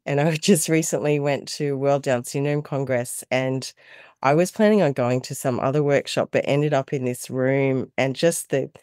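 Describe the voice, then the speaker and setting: A middle-aged Australian woman, a mother and carer, telling animated stories in a casual interview and laughing often. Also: extremely low pitch, moderate pace, no room sound, studio quality.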